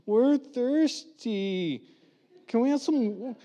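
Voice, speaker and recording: Brief: male preacher putting on a nasal, high, drawn-out whine of grumbling wanderers. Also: dark tone, heavily acted. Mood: whining. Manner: whiny, drawn-out complaining. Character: whining, complaining crowd of thirsty wanderers.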